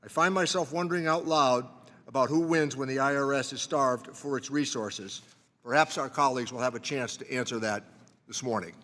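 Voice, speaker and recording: A man, the ranking committee member, reading a measured, formal opening statement at a desk microphone in a large hearing room. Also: mid-range voice, bright, forceful tone, big-room sound. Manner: measured, reading prepared remarks.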